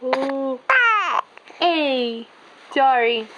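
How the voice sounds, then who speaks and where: A woman's voice: sits high, expressive, very slow, long pauses, noisy background. A mother filming her baby at home on a handheld camera, cooing in sing-song baby talk and laughing often. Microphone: handheld home video camera.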